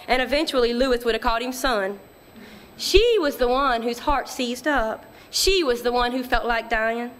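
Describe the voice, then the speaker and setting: A woman narrating literary fiction in a measured, quiet storytelling manner. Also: high-pitched. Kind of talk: audiobook reading of literary fiction.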